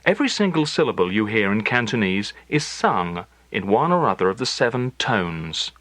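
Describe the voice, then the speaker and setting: Measured male language teacher, dry sound. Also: on the low side, very animated, a bit bright, no room sound. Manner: clear, measured instructional delivery. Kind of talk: scripted lesson narration.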